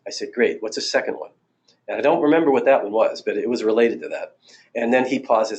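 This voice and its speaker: A man's voice: medium pitch, brisk, a little mellow. A man in his sixties, a marriage therapist, giving a recorded training talk in a conversational, anecdotal way with fillers and restarts.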